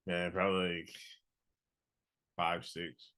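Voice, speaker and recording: A man's voice: deep voice, monotone, slow pace, fairly bright tone, no room sound. A man co-hosting a podcast in casual, laid-back chat, giving short replies and plugging the show. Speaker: podcast co-host.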